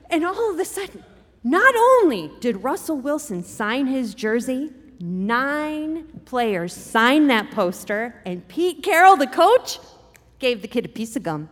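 A middle-aged woman telling a personal story in an animated, expressive way, acting out quotes. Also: high-pitched, a little slow. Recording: long hall reverb.

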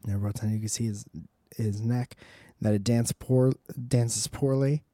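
Guy rambling jokes and swearing, mellow dark voice, dry sound. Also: mid-range voice, steady tone, moderate pace, no room sound. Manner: rambling, profane, joking asides. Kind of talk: casual comedic monologue.

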